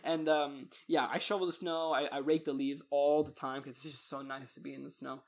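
A young man from Texas in casual chat, an animated storyteller with many fillers and a husky voice. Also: on the high side, a little fast.

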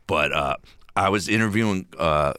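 A comedian telling stories in casual, profane podcast chat, recorded in a studio. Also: male voice, low-pitched, moderate pace, sharp tone, clear, resonant tone, no echo. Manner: storytelling, profane.

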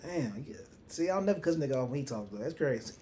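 A young man hosting a casual podcast, telling a story in a profane, animated way with lots of restarts. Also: mid-range voice, fast, slightly rough. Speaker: podcast host. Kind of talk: casual chat.

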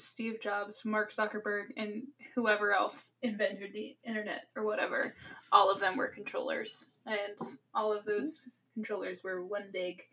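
A woman's voice: medium pitch, fairly bright tone, slight background noise. A young adult woman co-hosting a podcast, adding wry comments and laughing in a casual book chat. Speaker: podcast co-host.

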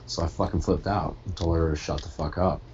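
A man's voice: sits low, fairly even intonation, a little fast, a little mellow, muffled recording, a little hiss or hum. A man venting bluntly and swearing often while chatting casually on a conference call as a podcast co-host. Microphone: computer headset on a conference call.

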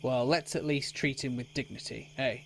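A man's voice: medium pitch, fairly even intonation, normal speed, gravelly, slight background noise, lightly acted. A man voicing an honourable veteran knight who speaks in a stern, protective way. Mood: indignant.

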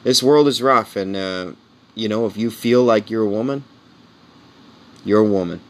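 A man's voice: on the low side, normal speed. A man in his forties, a comedian, talking in a casual, candid monologue and tossing in "man" and "you know" as he rambles. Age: 40s. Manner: earnest and heartfelt. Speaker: comedian podcast host.

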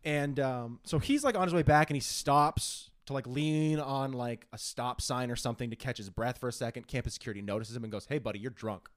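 Brisk and barely pausing, this medium-pitched young man co-hosts a podcast full of casual storytelling. He curses heavily and puts on voices to make fun of people.

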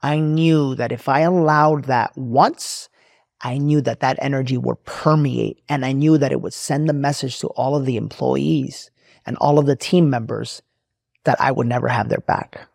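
Male podcast host, motivational storyteller, gravelly tone, dry close sound. Emphatic and repetitive. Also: medium pitch, fairly even intonation, moderate pace, a little mellow, dry recording. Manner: emphatic and preachy, repeats phrases.

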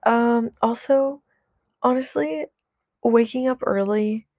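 A woman's voice: on the high side, takes it slowly, darkish tone, dry recording, clean studio sound. A young woman vlogger chatting casually about her routine, rambling with lots of "like" and restarts, candid and swearing. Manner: rambling, heavy use of "like", frequent restarts.

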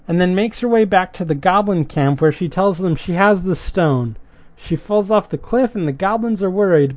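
A man's voice: high-pitched, a little mellow, no room sound. A man giving a casual recap of a show's episode, adding chatty asides and his own opinions. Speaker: show recapper.

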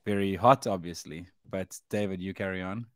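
A man's voice: low-pitched, normal speed, no room sound. Joking man co-host, dry close sound. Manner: joking, teasing banter. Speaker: podcast co-host. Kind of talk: casual podcast chat.

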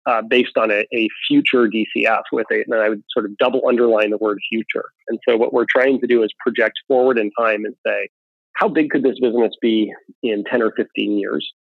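A man answers interview questions in a measured, analytical way, pausing on fillers as he works through ideas. His voice comes through a thin, phone-like line with no room sound. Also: on the low side, fairly even intonation, gravelly, dry recording. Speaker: venture capital investor. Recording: tinny phone-like line, dry.

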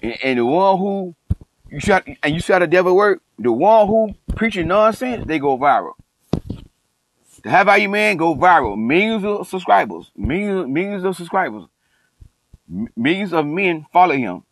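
A man's voice: high-pitched, big pitch swings, normal speed, a little hiss or hum, poor audio. Emphatic, repetitive preaching man. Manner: emphatic, repeats phrases, calls himself passionate. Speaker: coach and online commentator. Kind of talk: passionate preachy monologue.

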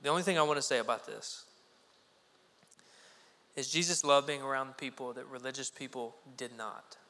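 A man preaching a sermon in a conversational, animated way, acting out little quoted voices. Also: mid-range voice, normal speed. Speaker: pastor. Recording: echoey hall with long reverb.

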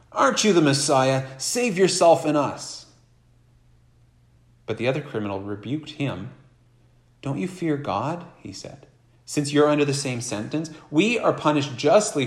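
A man delivers a sermon in an easy, conversational way. He reads scripture aloud and acts out the people in it. His mid-range voice rings out through an echoey hall. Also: medium pitch. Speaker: preacher.

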